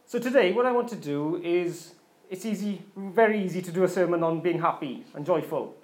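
A man with a high-pitched voice gives a relaxed, conversational sermon to a church congregation. He laughs easily and breaks into quick imitations of voices to make his points. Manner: chatty, laughs often, mimics voices. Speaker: pastor. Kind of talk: informal sermon.

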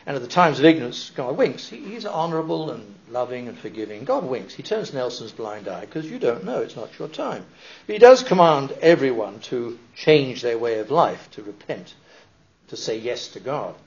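A man's voice: medium pitch, normal speed. A man preaching a sermon, reading and explaining scripture in a conversational way, with asides. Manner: animated and conversational, with asides and restarts. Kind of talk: sermon, Bible teaching. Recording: dull lo-fi recording.

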